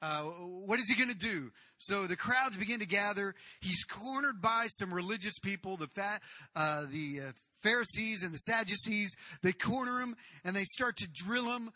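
A male pastor preaching with a high, very bright voice. He tells the story casually and animatedly, with asides to the congregation and sudden shouted outbursts. The sound is close and dry. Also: normal speed, dry recording. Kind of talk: sermon.

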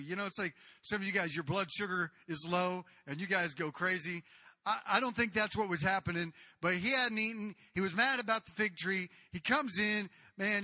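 A male pastor preaching with a high, very bright voice. He tells the story casually and animatedly, with asides to the congregation and sudden shouted outbursts. The sound is close and dry. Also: no echo. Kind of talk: sermon.

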